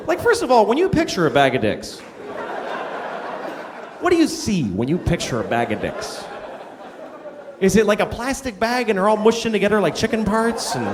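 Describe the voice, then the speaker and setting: A middle-aged man performing a stand-up comedy set on a theater stage, telling an exasperated story and acting out shouting characters. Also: sits high, background noise. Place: large theater stage before a live audience. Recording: reverberant theater, loud crowd laughter. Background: audience laughter.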